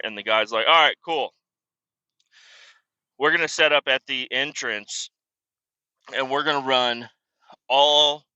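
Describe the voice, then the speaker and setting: A man hosting a podcast, telling a story in a profane, exasperated rant and shouting out the lines he re-enacts. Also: mid-range voice, no room sound, lo-fi sound. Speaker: podcast host.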